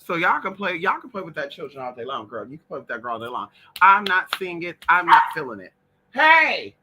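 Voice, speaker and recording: A bright, high-voiced man hosting a live stream, sassy and outspoken, his pitch swooping all over as he swears freely. He keeps stopping to talk to his dogs, with a faint hiss of noise behind him. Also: sing-song, quick pace. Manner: talks to his dogs between comments. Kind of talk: casual live-stream chat.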